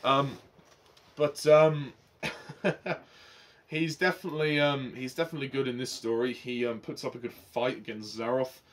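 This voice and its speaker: A man giving a casual spoken review of a TV story, enthusiastic but halting, with many ums, restarts and little laughs. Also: mid-range voice, fairly even intonation. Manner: laughs between remarks. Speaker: TV show reviewer.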